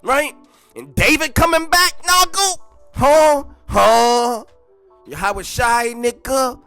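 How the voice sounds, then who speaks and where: A young man reading a history book aloud, breaking in with loud, slangy asides and dropping to quiet mumbled reading. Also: extremely high pitch, slow pace, clean tone, no room sound, faint music behind. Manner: animated slangy asides between read passages. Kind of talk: casual read-along with commentary.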